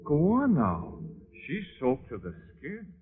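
A man's voice: a little high, huge pitch swings, takes it slowly, heavily acted. An actor playing a fussy, caring grown son worried for his mother, coaxing and bossy in 1940s radio acting style. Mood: fussing. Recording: tinny old radio broadcast.

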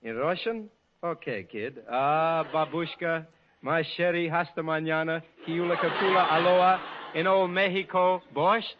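A man's voice: fairly high pitch, animated, a little fast, natural voice. A man playing a wisecracking skinny crooner, hissy old radio. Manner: wisecracking asides, mock Russian put-on. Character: wisecracking skinny male crooner, quick and sly. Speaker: comic lead. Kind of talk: 1940s radio comedy acting. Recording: muffled old radio broadcast with heavy hiss.

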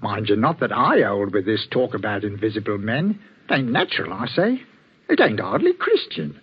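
A husky, deferential old-time greengrocer. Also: male voice, lowish voice, very animated, normal speed, exaggerated voice. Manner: deferential, colloquial, says "sir" often. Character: chatty working-class village greengrocer, bell-ringer. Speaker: radio drama actor. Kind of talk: 1940s radio acting. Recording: dull old radio recording.

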